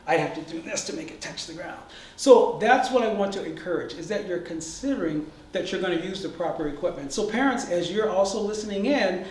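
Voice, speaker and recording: A man's voice: high voice, a little mellow, slight background noise. Upbeat man coaching, roomy and distant. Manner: upbeat, encouraging, addresses viewers directly. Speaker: tennis instructor. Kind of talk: friendly instructional talk to camera.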